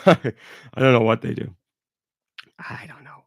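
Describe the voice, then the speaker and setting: Male podcast host, gravelly and stuffed-up, rambling candid solo talk, dry close sound. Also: mid-range voice, measured pace, long pauses, a bit bright, dry recording. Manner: rambling, candid, talks through it. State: congested.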